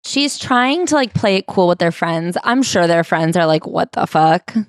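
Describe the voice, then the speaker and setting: A woman's voice: lowish voice, animated, moderate pace, clear, resonant tone, no echo. A woman co-hosting a comedy podcast, chiming in with sarcastic, wry commentary on the story. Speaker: podcast co-host. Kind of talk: comedic book-club banter.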